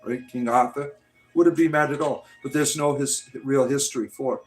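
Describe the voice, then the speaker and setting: A man's voice: medium pitch, steady tone, normal speed, faint music behind. A man hosting a livestream in casual, provocative talk, mocking and taunting his viewers. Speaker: livestream host.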